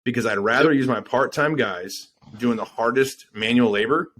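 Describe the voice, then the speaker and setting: A man's voice: mid-range voice, moderate pace, fairly bright tone, slight background noise. A man talking casually on a business podcast, rambling with fillers and swearing.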